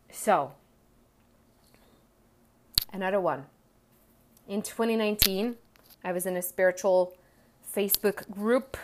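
A woman's voice: medium pitch, background noise. A woman, a coach and entrepreneur, candidly telling a rambling personal story and acting out what she and others said. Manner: candid, rambling, acts out her own quotes.

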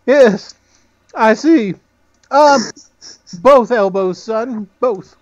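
A man's voice: extremely slow, dry recording, dull audio, exaggerated voice. A man putting on a pompous little gnome wizard. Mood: patronizing. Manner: grandiose, high and theatrical.

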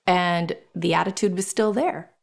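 A woman's voice: on the low side, unhurried, creaky. A middle-aged woman hosting a personal podcast, talking candidly and emotionally, swearing freely and acting out scenes. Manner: animated, acts out scenes in whispers and voices. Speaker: podcast host.

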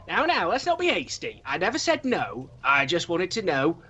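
A tabletop game player speaking in character in a sly, smooth-talking way. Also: medium pitch, huge pitch swings, normal speed, bright, forceful tone. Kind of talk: casual game chat with in-character lines.

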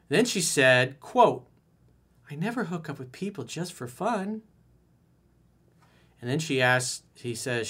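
A man giving blunt dating advice, reading a listener's letter aloud and reacting to it, acting out lines with sudden soft asides. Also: on the high side. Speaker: dating coach.

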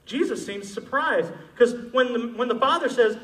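A male pastor preaching a sermon, moving between loud, emphatic passages and quiet, intimate ones. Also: sits high, very animated, moderate pace, roomy sound, distant mic, low-quality recording.

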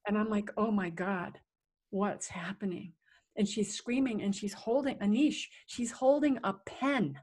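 Middle-aged woman, interview guest; vivid, animated storyteller who acts out sounds and voices, medium pitch. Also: unhurried, breathy edge. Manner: vivid, animated telling with acted-out sounds and quotes. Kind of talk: personal storytelling in conversation.

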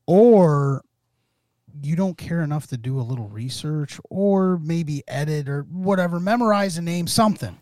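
A man's voice: on the high side, lively intonation, moderate pace, warm tone, dry recording, studio quality. A man co-hosting a podcast, talking in a casual, rambling way with many restarts. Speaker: podcast co-host.

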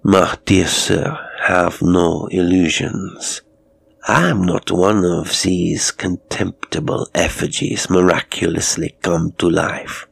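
Male reader doing a courteous, sinister murderer in an audio story, faint foreign accent, deep gravelly voice. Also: exaggerated voice. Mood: courteous menace. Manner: polite, formal and quietly mocking. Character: suave, menacing male murderer posing as a waxwork.

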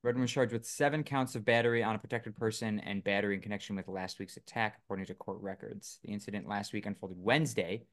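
A man's voice: on the low side, steady tone, quick pace, hardly any pauses, fairly bright tone. A man co-hosting a casual podcast, reading news items aloud with lots of fillers and joking asides. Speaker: podcast co-host. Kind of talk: casual chat.

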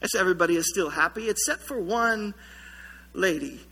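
Guy preaching, super bright sharp voice, animated storytelling, church reverb. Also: high voice, a little fast, breathy edge. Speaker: pastor. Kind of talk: sermon. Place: church sanctuary.

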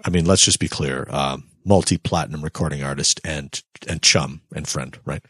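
A man's voice: rumbling low, normal speed, a bit bright, breathy edge, no echo, clean studio sound. A man co-hosting a podcast, ranting casually with lots of swearing and mocking impressions. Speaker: podcast co-host.

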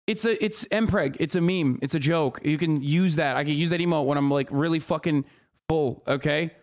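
A man with a high, light voice rants at clips on his stream. He swears constantly, stumbles through fillers and restarts, and sounds fed up. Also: moderate pace. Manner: exasperated, swears a lot, many fillers and restarts. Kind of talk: profane reaction rant.

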